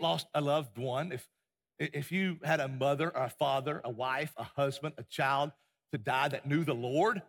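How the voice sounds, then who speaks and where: A man's voice: on the high side, creaky, a bit bright, husky. A man preaching a sermon as pastor, impassioned, stumbling and repeating words as he goes. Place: church sanctuary. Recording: long hall reverb.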